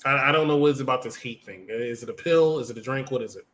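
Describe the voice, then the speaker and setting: A man's voice: medium pitch, fast talker, fairly bright tone. A man co-hosting a wrestling review show, teasing his co-host with contrarian jabs. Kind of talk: casual banter.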